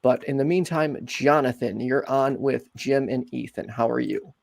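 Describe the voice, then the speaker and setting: A man hosting a call-in show, talking in a relaxed, friendly way with many fillers. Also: medium pitch, moderate pace, vocal fry, dry recording. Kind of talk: casual call-in talk.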